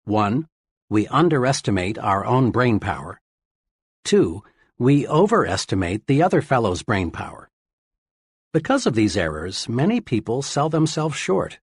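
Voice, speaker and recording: In the style of an audiobook narrator, a man reads scripted self-help material in a steady, earnest way. His voice is medium-pitched and slightly rough, with a measured pace, captured in a dry, studio-quality recording.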